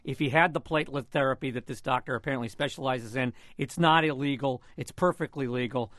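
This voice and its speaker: A man's voice: mid-range voice, brisk, a bit bright, dry recording. A man giving sarcastic, opinionated sports commentary in a radio studio. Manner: sardonic, sarcastic wit.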